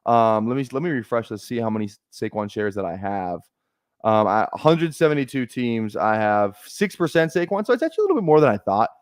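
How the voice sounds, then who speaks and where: Casual male streamer thinking aloud, mid-pitched, dry close mic. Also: big pitch swings, fairly quick, no room sound. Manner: thinking aloud, rambling, many fillers. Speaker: fantasy football streamer. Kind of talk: casual live-stream commentary.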